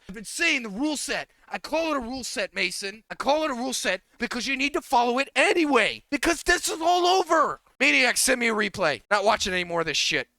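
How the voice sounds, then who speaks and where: This game coach's very high voice is animated and sharp, with vocal fry and no echo. He rants at his players during a session, swearing in exasperation and repeating the same points quickly.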